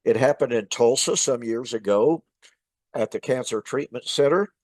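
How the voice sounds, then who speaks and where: A minister hosting his show tells a casual personal story, relaxed and chatty, with lots of "uh" fillers. His voice is medium in pitch, his pace moderate, and there's no echo.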